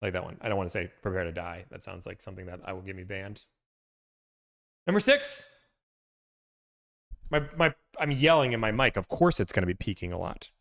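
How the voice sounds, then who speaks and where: This livestream host has a deep, gravelly voice and talks fast and animatedly. He works through a list in casual chat, playfully slipping in movie-quote impressions, over a loud, peaking mic.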